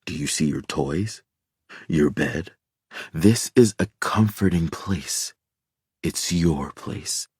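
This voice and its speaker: A man voicing a calm middle-aged doctor who speaks slowly in a reassuring baritone. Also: slightly rough, no echo, studio quality, heavily acted. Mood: soothing. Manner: slow, soothing, reassuring baritone.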